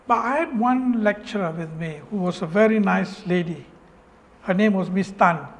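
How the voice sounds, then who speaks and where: A man with a Malaysian English accent and a fairly high voice tells his life story to an audience. He speaks earnestly and with feeling, breaking off mid-phrase and circling back to repeat himself. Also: normal speed. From Malaysia, Penang. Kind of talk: personal story speech.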